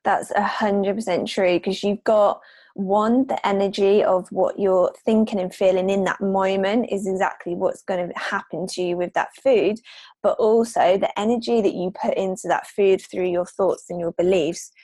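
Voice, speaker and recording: Woman podcast guest, confident and emphatic, middle pitch, dead dry sound. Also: fairly even intonation, moderate pace, warm tone, no room sound. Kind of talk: casual podcast conversation.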